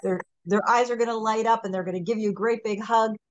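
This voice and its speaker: A woman's voice: a little high, steady tone, fast talker, dry recording, highs cut off. A woman hosting a casual podcast, explaining ideas through everyday comparisons. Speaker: podcast host.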